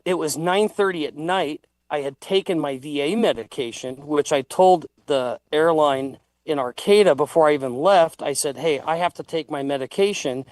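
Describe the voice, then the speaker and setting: A man's voice: fairly high pitch, dry recording. A man telling a heated, profane story in a casual livestream chat. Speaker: guest.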